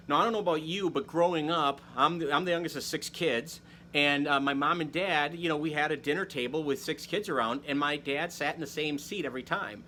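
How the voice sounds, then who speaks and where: A man with a slightly higher voice hosts a relaxed talk about church history in a friendly, conversational way. He drops in self-deprecating asides. A faint hiss sits under the recording. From Wisconsin, United States. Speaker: host. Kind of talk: casual catechetical talk to camera.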